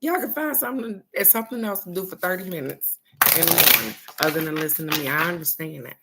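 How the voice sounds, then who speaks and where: An older woman with a drawl hosts a morning live stream and talks heart to heart with her viewers. Her voice sits a little low for a woman, and she keeps coming back to her point with a "guess what?". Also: fast, heavy background noise. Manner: repetitive, warm-hearted, asks "guess what?". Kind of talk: casual heartfelt talk to viewers.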